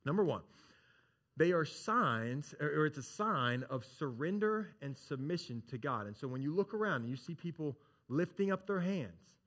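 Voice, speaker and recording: A man preaching a sermon to a congregation. He is emphatic, repeats his key phrases and asks rhetorical questions. His voice sits a bit higher than most men's. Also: lively intonation, moderate pace, fairly bright tone. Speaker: pastor.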